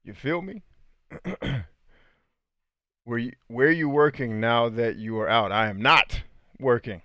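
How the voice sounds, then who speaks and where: A man hosting a casual livestream, reading out viewer comments and answering them in a laid-back, slangy way, often clearing his throat. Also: medium pitch, slow, bright, forceful tone, dry recording, dull audio.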